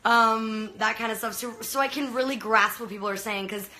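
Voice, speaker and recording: A bright, slightly high voice belongs to a young woman from Venezuela chatting on a phone live stream. She gushes and rambles, packing her sentences with "like" and "you know." It sounds casual and unscripted. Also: steady tone, moderate pace, low-quality recording. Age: young adult. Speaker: livestreamer.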